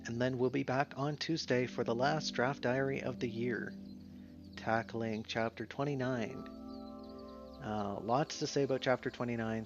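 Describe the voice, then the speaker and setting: A man streaming a game in a relaxed, casual way, musing to himself as he plays. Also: medium pitch. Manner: easygoing, mumbles to himself while playing. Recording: slightly dull sound, faint music behind.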